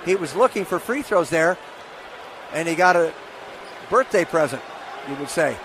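A man's voice: fairly high pitch, animated, moderate pace, noisy background. A man giving live basketball color commentary with folksy, analytical remarks to his broadcast partner. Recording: broadcast with arena crowd behind. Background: arena crowd.

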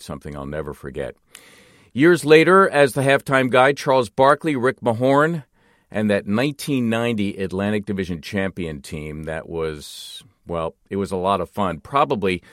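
An older man, a longtime TV basketball play-by-play voice, reminiscing in a relaxed, self-deprecating way. His voice sits low. The recording is close and dry, with no room sound. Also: no room sound. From Northeast Philadelphia, US. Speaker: TV play-by-play announcer. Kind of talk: personal storytelling monologue.

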